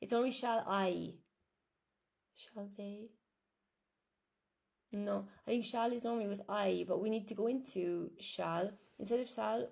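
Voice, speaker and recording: A young woman with an Irish accent teaches English on a live stream, stopping to answer viewers' comments in a chatty way. Her middle-pitched voice has a gravelly, creaky edge. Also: darkish tone. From Ireland.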